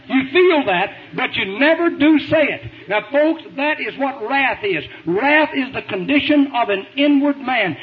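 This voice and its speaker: A preacher with a very high voice delivers a folksy, emphatic sermon that climbs into shouts. The sound is thin and phone-like, as if off an old radio broadcast, with a faint hiss underneath. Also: male voice.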